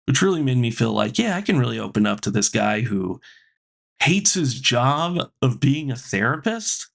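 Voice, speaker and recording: A man doing stand-up comedy, telling a story in an animated way and acting out both sides of the exchange. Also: medium pitch, moderate pace, gravelly.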